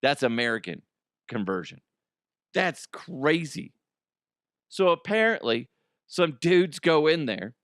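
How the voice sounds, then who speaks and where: Animated man with a lively voice. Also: on the high side, slow, pauses often, clear, resonant tone, dry recording, clean studio sound. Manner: animated, laughing, swearing. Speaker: host. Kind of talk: comedic news commentary.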